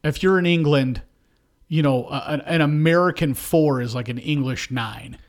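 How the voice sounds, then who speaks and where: A man's voice: a little high, moderate pace. Laid-back male podcast co-host. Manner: laid-back, wry, trails off mid-sentence. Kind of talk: casual chat.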